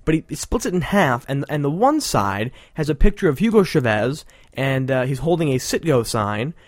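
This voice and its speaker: A man's voice: mid-range voice, animated, moderate pace, no echo, clean studio sound. A man hosting a show, giving casual, sarcastic, rambling commentary with frequent laughter. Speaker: podcast host.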